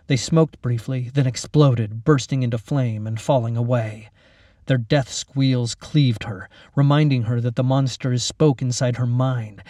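A man's voice: medium pitch, warm tone, no room sound. Man narrating a horror story, dry sound.

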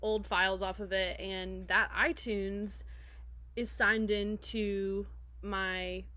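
A woman's voice: medium pitch, level tone, slow pace, pushed and bright, dry recording. A young adult woman co-hosting a podcast, chatting casually with lots of laughter and filler words. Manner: laughs a lot, many fillers. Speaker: podcast co-host. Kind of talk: casual chat.

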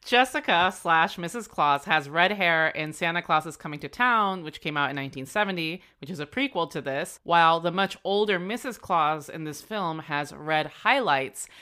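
A woman in casual chat about a film, wry and animated, with many fillers. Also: low voice, moderate pace, hardly any pauses. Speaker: podcast co-host.

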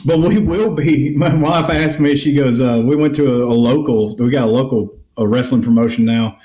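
A man's voice: mid-range voice, normal speed, echoey room. A man, hosting a casual podcast chat and telling a long story with acted-out quotes and plenty of swearing. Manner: animated, profane storyteller who acts out quotes. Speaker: podcast host.

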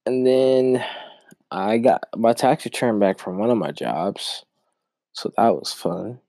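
A man's voice: on the low side, takes it slowly, vocal fry, warm tone, no room sound. A young man hosting a podcast alone, telling a rambling, casual story and often repeating himself. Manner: rambling, repeats words while recounting a story. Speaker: podcast host.

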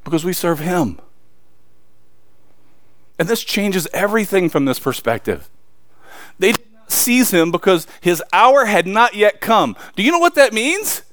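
A man preaching a sermon, reading scripture and then talking it through in a casual, emphatic way with sudden loud peaks and quiet asides. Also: high voice, big pitch swings, unhurried, long pauses, no room sound. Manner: reads scripture aloud then preaches conversationally with slang.

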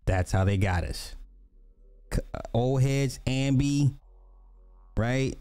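Blunt, mellow-voiced man reacting to clips. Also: mid-range voice, takes it slowly, clean tone, soft background music. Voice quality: blunt, profane, jokey asides. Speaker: commentary host reacting to clips. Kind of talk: casual reaction commentary.

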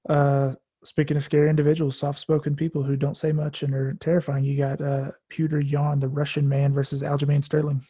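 A man chatting casually on a podcast in a somewhat high, mellow, husky voice. He speaks in a flat, even tone, offhand and full of fillers. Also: brisk, few pauses. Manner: hesitant, offhand, filler-heavy. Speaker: co-host.

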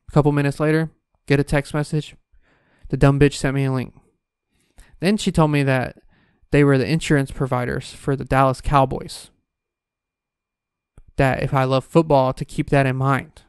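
A man in his twenties telling a story in a casual, profane, animated rant. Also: mid-range voice, moderate pace, vocal fry, pauses often, smooth, no room sound, studio quality. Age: 20s.

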